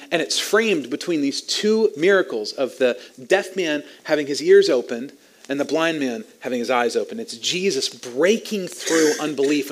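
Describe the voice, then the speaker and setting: A man preaching a sermon as pastor, teaching in an animated way with light chuckles. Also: on the high side.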